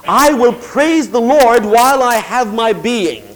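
High-voiced man preaching a sermon. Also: animated, low-quality recording. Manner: swings from quiet confiding to slow emphatic declaration. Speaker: pastor.

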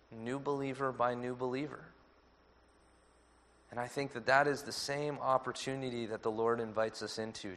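A man preaching a sermon as pastor, measured and earnest. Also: medium pitch, a bit bright.

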